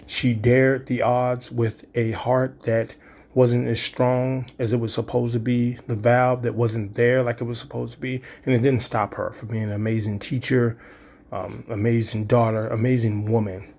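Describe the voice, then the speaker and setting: A man's voice: medium pitch, flat delivery, a little slow, creaky, a little mellow. Man telling a story with sound effects. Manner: vivid, with sound effects and quoted dialogue. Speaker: storyteller and poet. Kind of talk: spoken-word storytelling.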